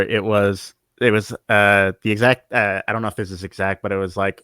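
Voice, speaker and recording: A man's voice: lowish voice, steady tone, a little fast, few pauses, a bit bright, no echo, clean studio sound. A man co-hosting a podcast, thoughtful and hesitant as he recalls details. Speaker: podcast co-host. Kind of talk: casual chat.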